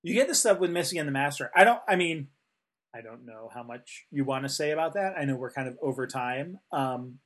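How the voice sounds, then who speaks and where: A man's voice: medium pitch, expressive, a little fast. A man co-hosting a casual discussion, talking with many fillers and restarts. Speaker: podcast co-host.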